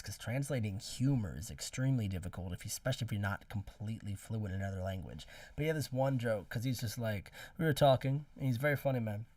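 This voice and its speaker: A man's voice: on the low side, a little mellow, no echo, far from the mic. A man reviewing songs in rambling, casual commentary, swearing freely. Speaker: music reviewer streamer.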